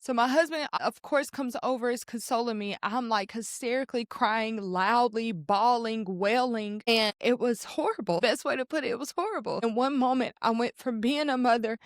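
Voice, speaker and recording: Hosting a podcast, a young woman tells her own story candidly and with emotion, calling her listeners y'all. Her voice is a little high and moderately paced with few pauses, captured in clean studio sound with no room noise.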